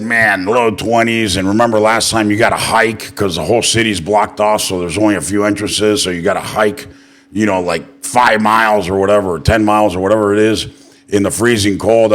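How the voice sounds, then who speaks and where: A man's voice: fairly low pitch, fast, fairly bright tone. A man hosting a political interview show, chatting loosely and telling profane stories with acted-out quotes. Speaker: podcast host. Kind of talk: casual political interview chat.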